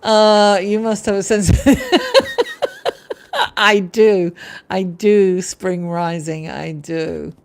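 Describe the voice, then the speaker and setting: A woman's voice: medium pitch, fairly even intonation, takes it slowly, clear, resonant tone. A woman hosting an astrology livestream, chatting casually, laughing often and reading out viewer comments.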